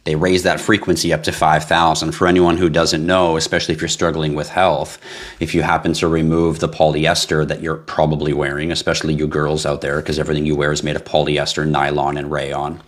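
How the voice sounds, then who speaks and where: A middle-aged man with a very low, deep voice hosts a crypto livestream. He talks casually and bluntly, answering viewer comments. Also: level tone, brisk. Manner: blunt, ranting, swears, laughs at himself.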